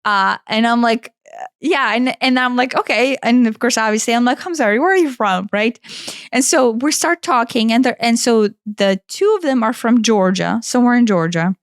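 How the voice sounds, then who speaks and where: A woman's voice: on the high side, moderate pace, clean tone, dry recording, studio quality. Chatty woman telling a story. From Kentucky, USA. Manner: animated, rambling, with frequent restarts and "like". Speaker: podcast co-host. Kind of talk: casual storytelling chat.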